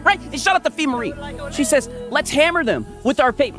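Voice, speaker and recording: A man streaming live in a casual, animated way, reading out chat shout-outs and tagging "right?" onto most lines. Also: very high-pitched, a little fast, music in the background.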